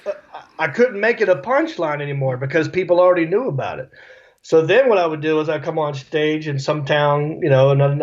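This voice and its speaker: A middle-aged man, a comedian, telling stories on a video call in a relaxed, joking way. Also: fairly high pitch. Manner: laid-back, jokey storytelling with put-on voices. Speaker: guest comedian. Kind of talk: casual video-call interview. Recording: dull lo-fi call audio.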